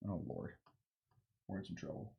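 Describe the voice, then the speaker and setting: A man's voice: low voice, sing-song, normal speed, gravelly, husky, dull audio. A man hosting a cocktail lesson tells drink history in a loose, rambling way. He jokes as he goes and keeps slipping into goofy voices for the characters in his anecdotes. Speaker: cocktail show host. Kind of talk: casual storytelling lesson.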